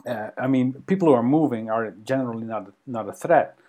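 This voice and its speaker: Halting, animated male podcast co-host. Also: medium pitch. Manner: animated, hesitant with many ums and restarts. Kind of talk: casual conversation.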